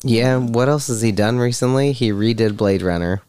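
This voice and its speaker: Laid back woman, super low smooth voice, hyped about movies, swears a bit. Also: normal speed, mellow. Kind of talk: casual chat.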